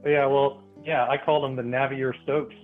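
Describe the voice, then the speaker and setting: A man's voice: medium pitch, flat delivery, normal speed. A man calls in to a show and chats in an easygoing, nerdy way. His voice comes through a thin, tinny phone line. Faint music plays underneath. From Beaumont, Texas. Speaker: caller. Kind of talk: casual call-in chat.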